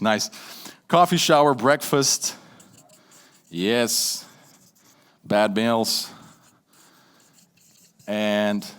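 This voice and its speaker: A man with a Dutch accent giving a lively stage talk on public speaking, playful and shifting between loud and hushed delivery. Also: medium pitch. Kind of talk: live keynote talk with audience interaction.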